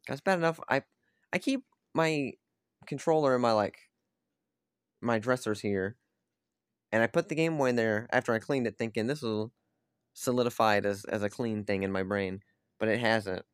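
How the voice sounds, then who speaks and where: A young man rants casually into a close mic, rambling and exasperated, dropping frequent curses and short laughs. His voice is smooth and clear, with a dry, close sound and no room around it. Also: medium pitch, dry recording. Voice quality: swears a lot, quick laughs between rants. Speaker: streamer. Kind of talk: casual ranting vlog.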